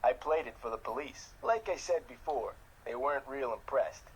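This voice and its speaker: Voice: mid-range voice, animated, moderate pace, slightly rough, rough recording. An actor voicing an easygoing young security guard at an amusement park in a mystery game.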